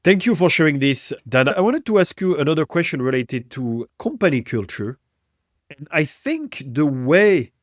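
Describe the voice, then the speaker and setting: A man's voice: medium pitch, no echo, studio quality. A man hosting a business podcast, reflecting on customer perspective and posing thoughtful questions to his guest. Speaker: podcast host. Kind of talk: interview podcast.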